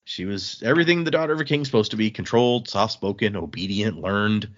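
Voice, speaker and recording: A man's voice: on the low side, quick pace. A man on a book podcast, his voice rising and falling a lot as he retells scenes and slips into voices for each character. It is casual chat, and the audio sounds a little dull. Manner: animated retelling, acting out dialogue in shifting voices. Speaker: podcast host recapping a book.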